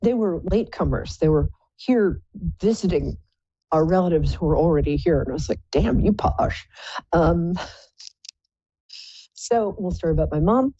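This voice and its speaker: A woman's voice: on the low side, mellow, husky, dry recording, muffled recording. A woman hosting a live psychic call-in show, chatting in a playful, rambling, self-mocking way. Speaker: psychic radio show host.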